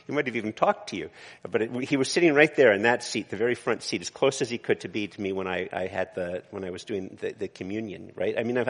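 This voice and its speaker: A man's voice: fairly low pitch, in a large hall. A man, a pastor, preaching a conversational sermon in a church, with frequent restarts and asides.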